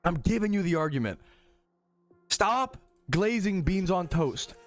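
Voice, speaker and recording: Animated profane American streamer. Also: male voice, high-pitched, unhurried, faint music behind. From United States. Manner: profane, animated, heated ranting. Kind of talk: casual ranting to chat.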